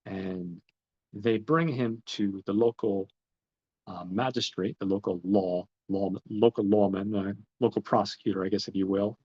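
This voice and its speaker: A man's voice: lowish voice, steady tone, moderate pace, a little mellow, breathy edge. A man hosting a podcast, recapping a film in a rambling way with many ums and restarts. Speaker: podcast host. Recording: slightly dull, lo-fi recording.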